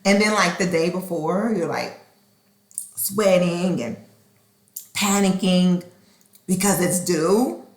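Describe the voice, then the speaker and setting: A woman hosting a podcast in a casual, expressive monologue. She acts out conversations and sometimes slips into a whisper. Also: fairly low pitch, slow pace, long pauses. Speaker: podcast host. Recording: roomy echo.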